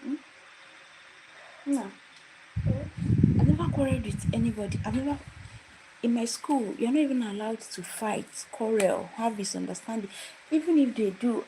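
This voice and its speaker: A woman's voice: fairly high pitch, moderate pace, long pauses. A young woman, telling a personal story on a livestream in a casual, emphatic way and repeating phrases for emphasis. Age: young adult. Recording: loud background noise with clicks.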